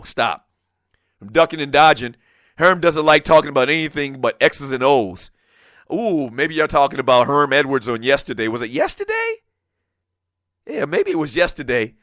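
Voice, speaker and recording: A man hosting a sports talk show in a studio, delivering a passionate, animated monologue that often escalates into shouting. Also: fairly high pitch, dry recording. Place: radio studio.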